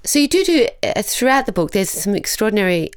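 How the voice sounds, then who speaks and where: A woman's voice: mid-range voice, big pitch swings, clean tone, no echo, clean studio sound. A woman interviewer asks questions that halt and restart, and she agrees readily with her guest. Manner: warm and agreeable, with halting, self-correcting questions. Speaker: interviewer, events manager. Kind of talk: conversational interview.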